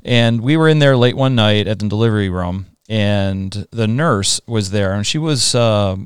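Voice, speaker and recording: Brief: man, 50s, interview host, smooth low voice, dry close sound. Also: expressive, normal speed, dry recording. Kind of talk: conversational interview.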